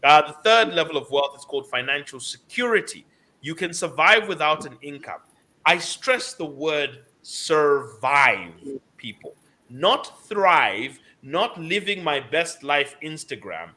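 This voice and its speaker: A man's voice: fairly high pitch, animated, measured pace, sharp tone. Emphatic man giving money advice. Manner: emphatic, lecturing, repeats key words for stress. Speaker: financial commentator. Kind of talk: radio financial advice talk.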